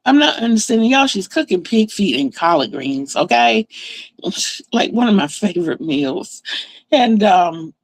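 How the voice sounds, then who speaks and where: A woman vlogger recounts a dream in a chatty, animated way, full of fillers. Her voice is of middle pitch with a gravelly, fried edge. The sound is close and dry, with no room echo. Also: measured pace, pauses often. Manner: chatty and animated, many fillers, laughs while telling. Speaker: crafting vlogger. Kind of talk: casual storytelling about a dream.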